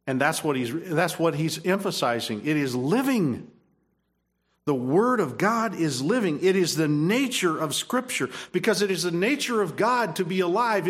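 A man's voice: a little high, a bit bright. A man preaching a sermon, emphatic, repeating phrases and restarting his sentences. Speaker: pastor.

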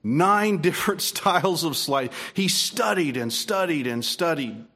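A man preaching an expository sermon, emphatic with rising peaks and quieter asides, asking questions of his listeners. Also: a little high, expressive, unhurried, breathy edge. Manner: repeats and restarts phrases, asks the room questions. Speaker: pastor.

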